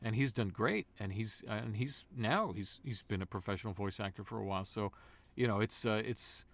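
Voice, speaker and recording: A man guest voice actor in a casual interview, an animated storyteller. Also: on the low side, moderate pace, gravelly.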